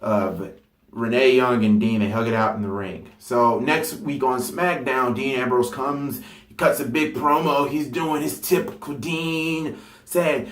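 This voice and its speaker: A man talking casually and excitably about a wrestling storyline, rambling with fillers and stopping to correct himself. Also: medium pitch, a little slow. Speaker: wrestling fantasy-booking vlogger. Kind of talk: casual unscripted monologue. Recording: roomy echo.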